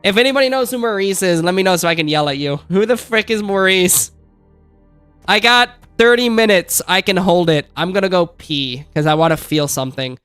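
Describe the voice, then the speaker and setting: A man's voice: sits high, brisk, fairly bright tone, clean tone, no echo, faint music behind. A young man ranting in exasperated let's play commentary while hosting his gaming channel, repeating phrases and calling everyone dude.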